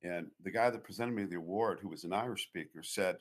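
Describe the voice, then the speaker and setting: A man's voice: deep voice, fast talker. A man from the Boston area, a guest author telling long, digressive stories in an interview. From Boston area, USA. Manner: anecdotal, digressive. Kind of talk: storytelling interview talk.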